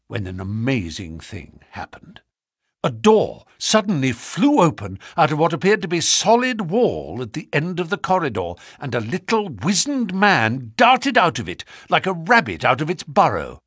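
A man narrating a story as an audiobook in an expressive, measured way. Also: fairly high pitch, breathy edge, dry recording, studio quality.

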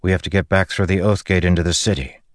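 A man's voice: low-pitched, fairly even intonation, quick pace, no echo, clean studio sound, close to an everyday voice. Man voicing a blunt, grim young soldier. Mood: terse. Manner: blunt, terse.

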